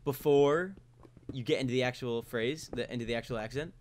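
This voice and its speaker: A man's voice: medium pitch, a little fast, a little mellow. A young man chatting casually while playing a game, rambling and questioning himself in a playful way. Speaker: gamer. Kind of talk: casual gaming chat.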